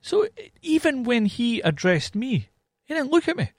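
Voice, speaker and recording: A Scottish man telling a story in a casual chat, animated and swearing heavily. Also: very high voice, normal speed, no echo, clean studio sound.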